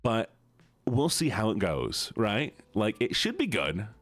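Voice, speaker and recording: Male streamer, low voice that swings all over, playful and teasing, dry close mic with faint music behind. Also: wildly swooping pitch, unhurried, fairly bright tone, no room sound. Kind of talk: casual live-stream chat.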